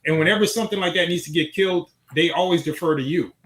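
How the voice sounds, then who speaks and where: A man from Chicago hosts a casual talk show, easing into a relaxed childhood story. His voice sits a little high. The room around him rings with echo. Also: quick pace. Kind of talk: casual chat.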